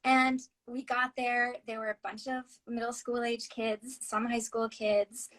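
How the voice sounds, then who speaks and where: Earnest, halting woman author on a podcast, higher voice, telling personal stories. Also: level tone, poor audio. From United States. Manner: earnest, halting, drops softly near a whisper at times. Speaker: author and interview guest. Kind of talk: personal storytelling in conversation.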